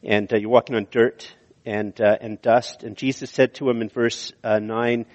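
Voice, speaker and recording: A man preaching a sermon in earnest, slowing down to stress key words, in a church sanctuary. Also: medium pitch, fairly even intonation, a little mellow. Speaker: pastor. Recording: dull audio with long hall reverb.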